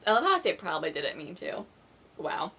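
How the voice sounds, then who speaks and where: A woman's voice: lowish voice, big pitch swings, brisk, vocal fry, sharp tone, breathy edge. A woman vlogger chatting casually to camera, full of "like" fillers and apologies, acting out little quoted exchanges. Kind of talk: casual vlog chat to camera.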